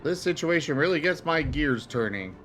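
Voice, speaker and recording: A man's voice: fairly high pitch, expressive, moderate pace, fairly bright tone, faint music behind. A man co-playing a puzzle game in casual chat, thinking aloud as he works it out. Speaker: co-player on a game stream.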